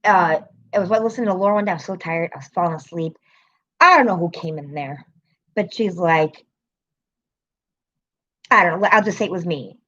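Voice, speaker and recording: A woman's voice: fairly low pitch, brisk, pauses often, a bit bright, highs cut off. A woman hosting her own livestream in casual chat, rambling, laughing often and swearing freely. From American city. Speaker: livestream host.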